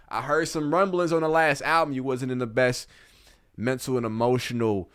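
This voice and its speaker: A man's voice: mid-range voice, fairly even intonation, moderate pace, fairly bright tone, clear, resonant tone, no echo. A man giving casual reaction commentary on an album as a YouTuber, slangy and earnest, often speaking straight to the artist.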